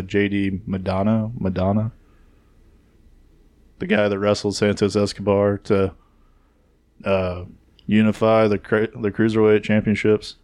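A man's voice: on the low side, a little mellow, dry recording. A man in casual chat about wrestling, laid back and full of fillers as he recaps the week's news.

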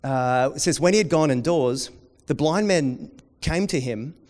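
A man preaching a sermon, dropping to quiet intensity and rising to loud, excited storytelling. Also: on the high side, measured pace. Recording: long hall reverb.

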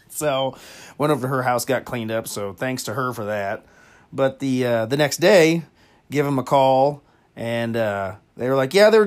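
A man hosting a comedy podcast, telling a crude story casually, with lots of fillers and frequent laughter. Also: mid-range voice. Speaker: podcast host.

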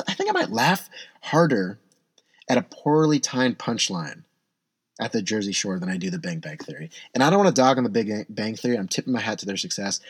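Husky young man rambling to camera. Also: medium pitch, no room sound. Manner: rambling, self-deprecating, with many restarts. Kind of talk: casual monologue.

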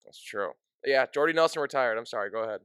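A man's voice: mid-range voice, animated, fast talker, a bit bright, clean tone, no echo, studio quality. A young man co-hosting a casual sports podcast, joking and self-mocking, swearing freely, with sniffles and a sore throat. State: getting sick, sore throat. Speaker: podcast co-host.

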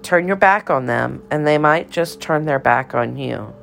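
A woman's voice: deep voice, animated, measured pace, gravelly, fairly bright tone, slight background noise, exaggerated voice. A woman voicing an eccentric older cafeteria lady who speaks in riddles and scolds in a theatrical sing-song. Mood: haughty, cryptic.

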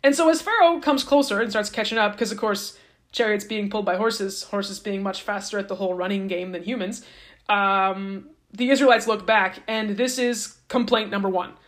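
A woman casually retelling an old story on a podcast. Her voice sits at an ordinary middle pitch. She keeps it playful and jokey, tossing in slangy asides as she goes. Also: moderate pace. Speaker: podcast host.

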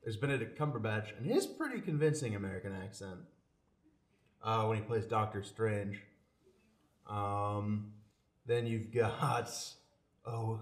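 A young man co-hosting a movie podcast, making wry joking asides. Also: on the low side. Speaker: podcast co-host. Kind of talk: casual chat about movies. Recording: roomy echo.

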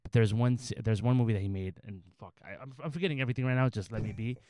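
A man's voice: mid-range voice, racing, a little mellow, dry recording. A man co-hosting a podcast in casual chat, talking in a profane, rambling, joking way into a close podcast mic. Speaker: podcast co-host.

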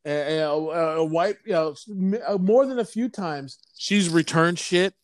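A man's voice: on the high side, a little slow, no room sound. A man chatting casually, telling a rambling story with stops and restarts and plenty of swearing. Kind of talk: casual chat.

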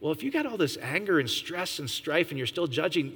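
Animated male preacher in a long reverb. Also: a little fast, breathy edge. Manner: animated, jumps to high excited pitch, laughs, asks the audience. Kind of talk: informal sermon.

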